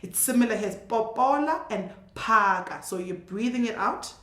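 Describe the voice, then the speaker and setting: A woman teaching a casual language lesson, patiently repeating words slowly so listeners can hear each sound. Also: fairly high pitch, lively intonation, fairly bright tone, roomy sound.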